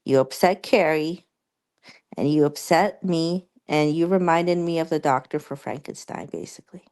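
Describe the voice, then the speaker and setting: A young woman streamer chatting casually with her viewers, rambling and halting with many fillers and restarts. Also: low-pitched, darkish tone.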